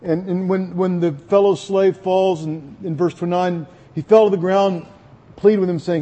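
A man delivering a sermon, speaking earnestly and conversationally to his listeners. His voice sits a little high for a man and has a husky grain to it. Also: fairly even intonation, normal speed, warm tone, lo-fi sound. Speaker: pastor.

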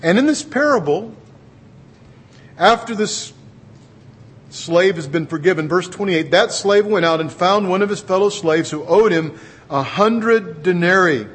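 Husky-voiced man preaching earnestly. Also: high voice, expressive, unhurried, fairly bright tone. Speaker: pastor. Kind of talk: sermon.

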